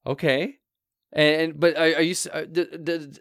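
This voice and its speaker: A man's voice: a little high, little pitch movement, normal speed, vocal fry, fairly bright tone, no room sound, clean studio sound. A man playing a flustered talk show host in an improvised comedy interview, stammering through many restarts.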